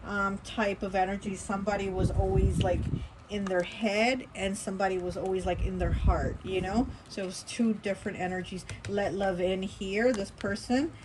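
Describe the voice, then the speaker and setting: Woman tarot reader, chatty and rambling, mid-pitched, steady background hiss under the voice. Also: normal speed. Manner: chatty, rambling, many fillers and restarts. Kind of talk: casual tarot reading monologue.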